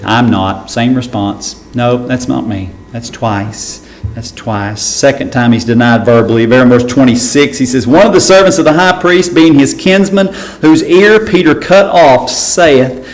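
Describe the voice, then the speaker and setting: A man's voice: medium pitch, poor audio. A man, a pastor teaching a Bible study in a conversational way, often asking his listeners "right?".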